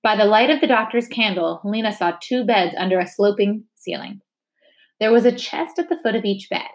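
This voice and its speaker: A woman reading a novel chapter aloud, steady and expressive. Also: mid-range voice, moderate pace. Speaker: reader.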